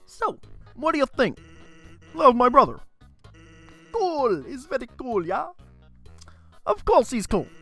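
A man's voice: very high voice, huge pitch swings, takes it slowly, pauses often, pushed and bright, soft background music, pitched above the performer's own voice, heavily acted. A man reading a lazy, joking male skeleton's game dialogue aloud in his own plain voice. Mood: cheerful. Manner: reads game lines aloud in a plain, slightly amused voice.

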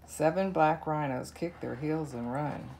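A woman reading a children's counting book aloud, counting softly and slowly. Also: deep voice, creaky. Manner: slow, soft counting. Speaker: narrator.

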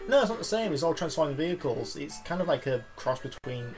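A man's voice: on the high side, very animated, fast talker, music in the background. A man chatting casually about games, rambling with restarts. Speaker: let's play co-host. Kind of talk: casual gaming chat.

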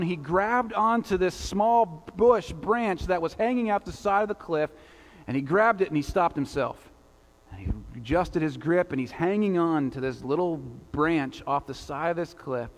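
A male pastor preaching a sermon in a conversational style, with rhetorical asides to the congregation. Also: on the high side. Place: church sanctuary. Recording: long church reverb.

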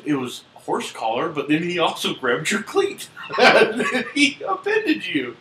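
A man giving casual gameplay commentary, rowdy and excitable, laughing and swearing a lot. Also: on the high side, slow pace. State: intoxicated. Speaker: let's play host. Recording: echoey room with loud noise.

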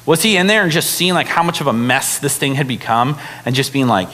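A young man preaching a sermon in a casual, animated way, full of fillers like "right?" and "like". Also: medium pitch, fairly quick. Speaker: pastor. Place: church hall. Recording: long hall reverb.

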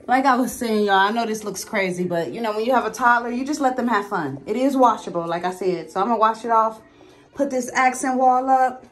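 A woman's voice: fairly high pitch, brisk. A young woman vlogging casually from her bathroom at home, filming on a phone and chatting to viewers as "y'all".

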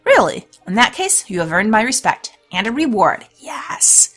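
A woman voicing an excited male village blacksmith in a storybook game, speaking in exclamations. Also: medium pitch, moderate pace, soft background music. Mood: astonished.

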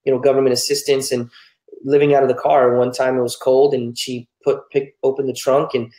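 A man's voice: mid-range voice, little pitch movement, a little fast, warm tone, echoey room, poor audio. A man from New Mexico, a pastor telling his life story candidly and earnestly in an interview. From New Mexico, United States.

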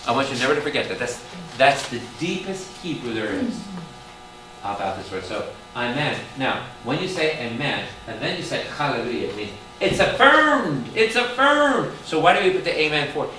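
The speaker is a male Catholic priest, medium in pitch and a little fast, running an animated Bible study where he quizzes the audience nonstop and shouts loud exclamations. Background noise, a far-off mic, and an echoey room mark the audio.

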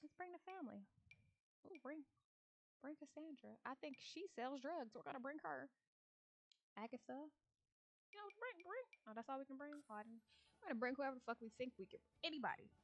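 A woman's voice: sits high, expressive, brisk, long pauses. A woman giving casual, profane, joking commentary while playing a life-sim game, mostly talking to herself, recorded on a new microphone while wearing headphones. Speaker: gamer streamer.

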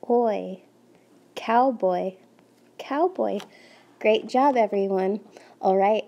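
A woman teacher leading young children through a phonics lesson from home, sounding out words slowly and clearly with encouragement. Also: fairly high pitch, dark tone.

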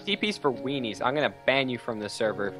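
An excitable, teasing man gaming with friends. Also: mid-range voice, quick pace, over music. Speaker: gamer. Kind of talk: casual gameplay chat.

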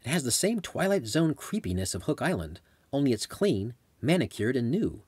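A man's voice: mid-range voice, big pitch swings, normal speed, darkish tone, husky, no echo, pitched above the performer's own voice. A man reading a memoir aloud, voicing a friend as a dry, amused travel buddy. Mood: wry. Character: wry male travel buddy, dry humour.

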